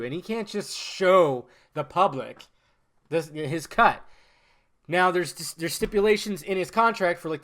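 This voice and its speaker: Animated male podcast host, fairly high voice. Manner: animated, swearing, jumps between loud outbursts and mumbling asides. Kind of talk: casual solo podcast chat.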